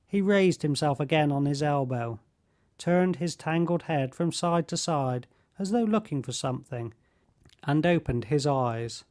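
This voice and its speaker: Male audiobook narrator, unhurried, measured, a touch high-pitched. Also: darkish tone. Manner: slow, measured reading. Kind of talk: scripted narration.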